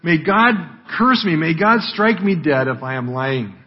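A man's voice: fairly high pitch, lively intonation, a little slow, big-room sound. A man preaching a sermon, briefly voicing a frightened male disciple who flusters and then swears he doesn't know his friend, heard on a dull, lo-fi recording. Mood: swearing.

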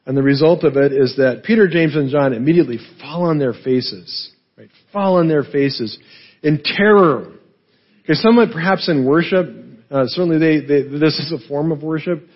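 Husky man teaching a sermon. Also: on the high side, normal speed, lo-fi sound. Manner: explanatory, frequent "right?" and fillers. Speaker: pastor.

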